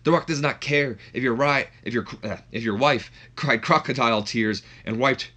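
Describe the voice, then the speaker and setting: A man's voice: medium pitch, moderate pace, sharp tone. A man putting on a cocky male wrestler who mocks his rival and talks about himself in the third person. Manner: boastful, mocking, refers to himself in third person. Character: cocky trash-talking male wrestler, brash showman.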